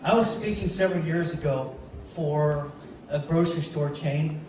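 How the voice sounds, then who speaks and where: A man's voice: a little high, normal speed, a little mellow, far from the mic, slight background noise. Man giving keynote in echoey hall. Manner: storytelling, addresses audience directly. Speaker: motivational speaker. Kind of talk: keynote speech. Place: large event hall.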